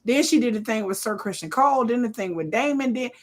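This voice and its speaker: A woman, hosting a live watch party with blunt, profane, animated casual commentary. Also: a little high, quick pace. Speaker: live-stream host.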